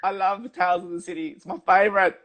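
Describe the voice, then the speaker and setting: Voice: medium pitch, fairly even intonation, fast talker, fairly bright tone. An Australian host chatting playfully on a video call and calling the guest "babes". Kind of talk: casual chat on a video call.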